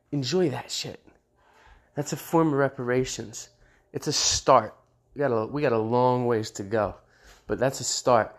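A man hosting his own show in a casual unscripted monologue, blunt and profane, often laughing at his own jokes. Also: mid-range voice. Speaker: show host.

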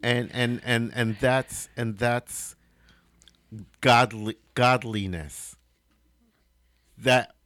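Slow-talking man in faith chat. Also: medium pitch, fairly even intonation, fairly bright tone, dry recording, studio quality. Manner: measured, agreeable, laughs often. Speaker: co-host of a Christian talk podcast. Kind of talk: casual faith discussion.

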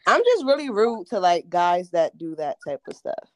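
A woman's voice: fairly low pitch, sing-song, normal speed, no echo. A woman in a casual chat, telling a story in a dry, dismissive way.

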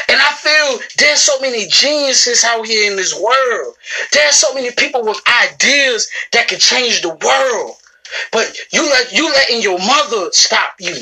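Woman business owner, motivational vlog. Slightly high, bright, pushing voice. Emphatic and repetitive, preachy delivery. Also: lively intonation, a little slow, slight background noise, low-quality recording. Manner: emphatic, repetitive, preachy, calls listeners bro and sis. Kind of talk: motivational talk to camera. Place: in a shop.

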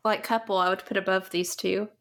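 A woman's voice: mid-range voice, brisk. A woman co-hosting a podcast, chatting casually about a film, laughing and acting out the characters as she talks. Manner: animated, laughs and acts out characters. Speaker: podcast co-host. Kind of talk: casual movie chat.

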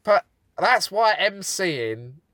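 A man co-hosting a casual comedy chat, telling stories in an animated way. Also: high voice, slow pace, no echo, studio quality. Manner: animated storytelling, laughing. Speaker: podcast co-host, comedian.

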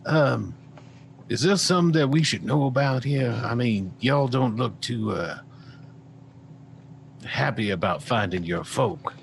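A man's voice: medium pitch, animated, a little slow, gravelly, long pauses, a little hiss or hum. A man doing a folksy adventurer. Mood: curious.

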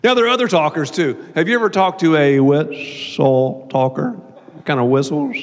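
Southern male pastor, high and playful, sermon with a long hall echo. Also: brisk, a little hiss or hum. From American South. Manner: animated, jokey, does mock voices. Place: large church auditorium. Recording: long reverb of a large hall.

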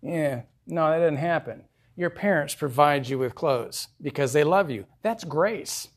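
A man's voice: fairly high pitch, unhurried. A male pastor preaching a sermon in a conversational way, asking his congregation questions.

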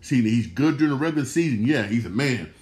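A man's voice: medium pitch, expressive, quick pace, a little mellow. A man hosting a solo sports talk show, speaking casually with slang and repeating his points for emphasis. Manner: repetitive, emphatic, slangy, restarts phrases. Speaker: sports podcast host.

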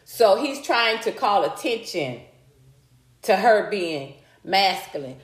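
A woman's voice: medium pitch, sing-song, takes it slowly. A woman hosting a casual livestream, chatting straight to her viewers and swearing freely. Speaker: livestream host. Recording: roomy echo.

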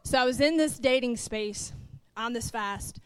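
With a clean tone on the high side and a measured pace, a middle-aged pastor's wife preaches from the pulpit in a dry recording. Her sermon includes a personal story with acted-out dialogue, and she addresses the congregation directly.

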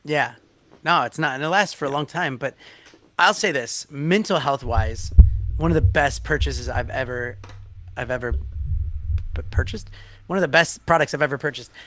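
A man's voice: medium pitch, normal speed, pauses often, bright, forceful tone, a little hiss or hum. A man co-hosting a stream, chatting casually and rambling with lots of fillers and restarts. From outside Australia. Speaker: stream co-host. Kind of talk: casual chat.

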